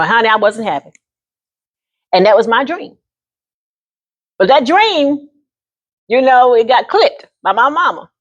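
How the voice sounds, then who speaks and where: An older woman in her sixties, chatting to camera with a bright, slightly high voice. She tells her story in a lively, folksy way and keeps calling the listener honey. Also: lo-fi sound. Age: 60s. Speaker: vlogger.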